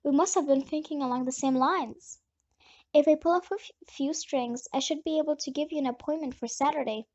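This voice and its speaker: A calm, kindly woman doctor, as a female audiobook reader puts her on, soft and reassuring in her measured speech. The voice sits high for a woman, and the recording sounds a little dull and lo-fi. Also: close to an everyday voice. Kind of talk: audiobook character reading.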